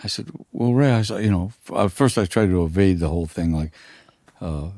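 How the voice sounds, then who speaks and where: An older man with a husky, very low voice and a dark, mellow tone. He tells his stories slowly and haltingly, with many fillers. The sound is close and dry. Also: no echo. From United States. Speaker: guest musician. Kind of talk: casual storytelling.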